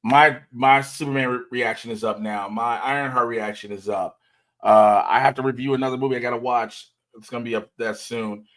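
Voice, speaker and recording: Animated man hosting a casual livestream. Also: mid-range voice, brisk. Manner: animated storyteller, acts out quoted dialogue. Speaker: host.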